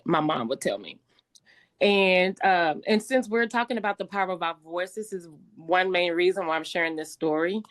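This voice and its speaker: A middle-aged woman with a slightly raspy voice, telling her life story as a guest speaker in a conversational way, with many fillers and restarts. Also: on the low side, a bit bright. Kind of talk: personal testimony talk.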